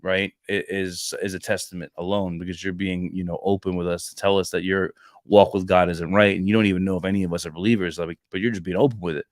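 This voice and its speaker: A man in his thirties co-hosting a podcast, chatting casually about faith and telling stories with lively acted-out dialogue. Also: low-pitched, quick pace, no echo, studio quality. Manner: animated storyteller who acts out dialogue and restarts often. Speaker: podcast co-host. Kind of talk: casual faith chat, storytelling.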